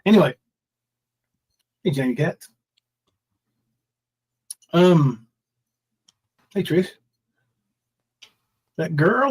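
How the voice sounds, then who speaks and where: A man's voice: on the high side, expressive, drawn-out words, pauses often, darkish tone, breathy edge, poor audio. A man in his forties hosting a casual livestream, rambling through his troubles and reading viewers' names from the chat. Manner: rambling, reads chat names aloud, mock crying bits. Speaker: livestream host.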